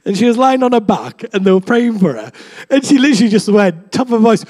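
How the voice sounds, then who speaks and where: Man, young, relaxed sermon full of stories; high voice that swoops a lot. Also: moderate pace. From England. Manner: chatty, self-deprecating, acts out quoted voices with big swings. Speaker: preacher. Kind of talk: casual sermon with storytelling.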